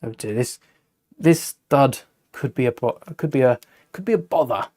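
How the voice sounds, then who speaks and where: His mid-range voice is mellow and a little slow. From the UK, he hosts a Lego building livestream, chatting easily, working through his thoughts out loud, and fielding questions from viewers.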